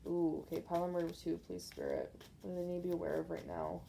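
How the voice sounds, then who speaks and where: A woman gives a casual tarot reading straight to her viewers. Her voice is mellow and sits slightly low. She rambles through intuitive impressions, leaning on filler words as she goes. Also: huge pitch swings, fast talker, gravelly, slight background noise. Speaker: tarot card reader. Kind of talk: casual pick-a-card tarot reading to camera.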